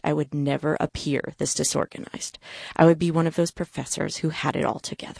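Woman, low and gravelly, dry close sound; wry first-person storyteller. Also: dry recording. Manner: wry, self-mocking delivery.

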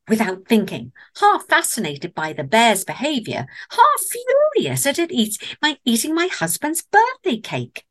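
An English woman tells a comic tale with real theatrical flair, dropping in dry asides. Her voice swoops up and down with plenty of life, and her pitch sits in an ordinary middle range. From England. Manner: animated, theatrical, wry asides. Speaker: storyteller. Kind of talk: told comic story.

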